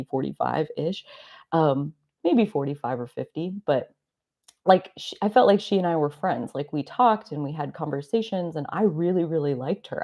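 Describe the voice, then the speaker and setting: A woman's voice: sits low, mellow. A woman in her thirties hosting a live stream, telling personal stories in a rambling, confessional way. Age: 30s. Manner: rambling, confessional, many "like" fillers. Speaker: astrology live stream host. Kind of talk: reflective personal storytelling. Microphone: live stream mic.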